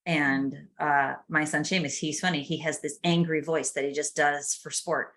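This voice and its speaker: A woman's voice: sits low, fairly even intonation, normal speed, a bit bright. A middle-aged woman hosting a podcast, telling family stories in a chatty, casual way with laughs. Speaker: podcast host. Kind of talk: casual chat.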